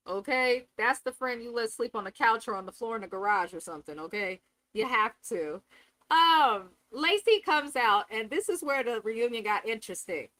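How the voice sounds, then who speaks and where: A woman's voice: high-pitched, bright, forceful tone, dry recording, poor audio. A woman hosting a live reality TV recap, talking candidly and profanely and acting out cast members' lines. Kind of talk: live casual review commentary.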